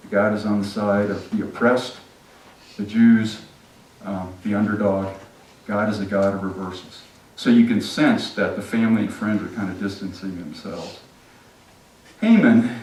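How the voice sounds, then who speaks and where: A man's voice: on the low side, slight background noise. A male pastor giving a sermon, retelling a story casually and with humor. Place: church sanctuary. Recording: echoey sanctuary, distant mic.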